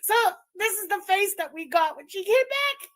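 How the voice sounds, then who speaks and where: High, lively, gloating woman streamer. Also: moderate pace. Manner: giggly, gloating, profane. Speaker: streamer and channel host. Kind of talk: casual live commentary.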